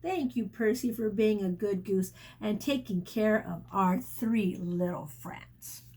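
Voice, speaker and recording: A woman teacher reading a picture book aloud to children, pausing often to explain words and adding sound effects and asides. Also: mid-range voice, darkish tone.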